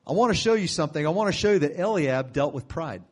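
A man preaching a sermon, retelling a story in a conversational way with sudden loud bursts. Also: fairly high pitch, expressive, quick pace, husky.

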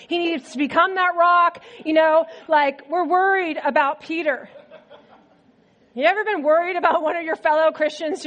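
High-voiced woman preaching a sermon. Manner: conversational, animated storytelling.

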